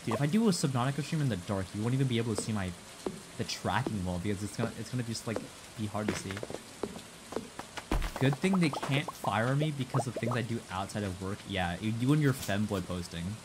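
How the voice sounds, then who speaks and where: A man's voice: on the low side, a little fast. A young man streaming a game, chatting casually, rambling and restarting his sentences, swearing and reading chat aloud. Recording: steady background noise.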